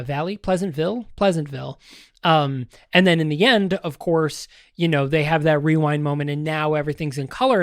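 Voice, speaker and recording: A man's voice: on the high side, no echo, clean studio sound. A man hosting a podcast, rambling through casual pop-culture commentary with lots of fillers and restarts, joking and talking straight to the audience. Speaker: podcast host.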